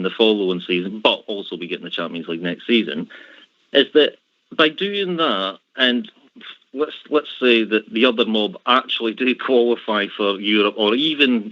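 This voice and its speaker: A male radio host makes his case earnestly, stumbling over restarts and swearing now and then. His tone is bright and forceful, and the sound is close and dry with a dull, lo-fi edge. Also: lowish voice, dry recording. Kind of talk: casual chat.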